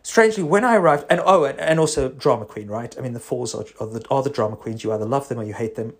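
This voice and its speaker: Husky man rambling wryly. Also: medium pitch, quick pace. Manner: rambling, self-interrupting, wry. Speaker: psychotherapist. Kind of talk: casual voice note monologue.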